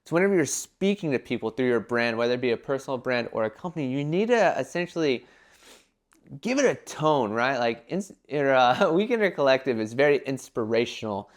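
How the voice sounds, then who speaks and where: A young man giving casual business advice in a vlog, talking animatedly and filling his talk with "like" and quick acted-out quotes. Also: mid-range voice, very animated. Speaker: entrepreneur giving brand advice.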